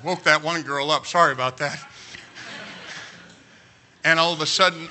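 A man preaching, telling a comic story with animated bursts of shouting. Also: fairly high pitch, moderate pace. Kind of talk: humorous storytelling sermon.

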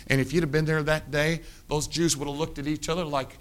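An older man preaching a sermon, telling stories, moving between hushed asides and emphatic points. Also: on the high side, fairly even intonation, quick pace, hardly any pauses.

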